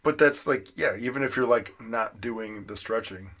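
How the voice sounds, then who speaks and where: A man's voice: medium pitch, normal speed, fairly bright tone. Rambling laid-back guy saying "dude". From Western New York. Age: 30s. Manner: rambling, filler-heavy, "dude" and "like" constantly. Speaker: podcast co-host. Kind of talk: casual chat.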